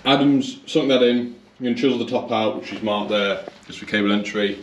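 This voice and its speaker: A tradesman with a fairly low voice, talking casually and thinking out loud as he works. The room rings with echo, and a faint noise sits underneath. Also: fairly quick, lo-fi sound. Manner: chatty, thinks aloud, addresses viewers as guys. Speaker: electrician. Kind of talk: casual explaining while working. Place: garage being converted to a kitchen, indoors.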